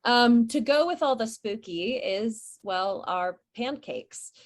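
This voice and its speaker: A woman's voice: a little high, expressive, slow pace. Chatty woman reading horror news. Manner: reads headlines with chatty asides. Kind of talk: casual podcast news roundup.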